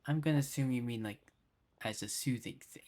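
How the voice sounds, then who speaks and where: A woman's voice: a bass voice, brisk, mellow, slight background noise. A woman streaming a video game, chatting casually and playfully with lots of fillers. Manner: playful, hesitant, full of fillers. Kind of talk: casual gameplay commentary.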